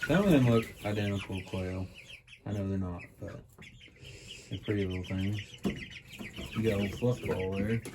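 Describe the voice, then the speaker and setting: A man, talking casually while doing farm chores and calling loudly to his animals. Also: lowish voice, moderate pace, pauses often, noisy background. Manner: calls loudly to animals, chatty and laughing. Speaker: farm vlogger. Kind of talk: casual farm vlog narration. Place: outdoors on a farm.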